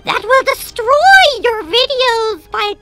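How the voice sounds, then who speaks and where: A man voicing a boastful young male troll spammer through a pitched-up effect, talking in a taunting, threatening way. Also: slow, exaggerated voice. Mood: gloating threat. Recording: loud music behind.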